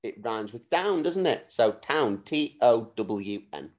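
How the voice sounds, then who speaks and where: Slow, lively-voiced male teacher. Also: medium pitch, dull audio. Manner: slow, clear dictation, spelling out letters. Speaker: primary school teacher. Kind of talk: phonics lesson video.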